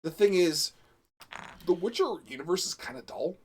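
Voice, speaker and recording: A man with a fairly high voice that swoops up and down in lively waves, chatting casually on a live stream. He rambles, restarts, and pokes fun at himself. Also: moderate pace, breathy edge. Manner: chatty, rambling, self-mocking. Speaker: game master and stream host.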